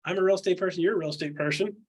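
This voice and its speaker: A man with a somewhat high, husky voice coaches real estate agents in a candid, one-on-one style. He drives his points home with quick rhetorical questions and slips into other people's voices to act out what they say. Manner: acts out quotes in other voices.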